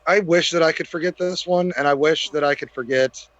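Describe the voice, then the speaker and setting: A man's voice: a little high, a little fast, a bit bright. Laid-back man on a dull lo-fi line. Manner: laid-back, swearing, calls people dude. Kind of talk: casual chat.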